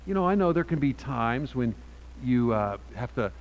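A man preaching a sermon from a Bible passage, talking in a halting way with many restarts and frequent rhetorical "right?"s. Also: mid-range voice, expressive, lo-fi sound.

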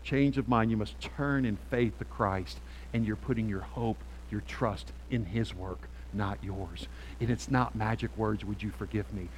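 A middle-aged male pastor preaching a sermon on a handheld mic, animated and emphatic, swinging from quiet asides to loud peaks. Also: lowish voice, unhurried, in a large hall, slight background noise.

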